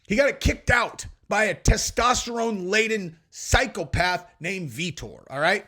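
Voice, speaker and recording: A man hosting a podcast, telling stories and commenting in a brash, animated, profane way. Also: sits high, moderate pace, hardly any pauses. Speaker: podcast host.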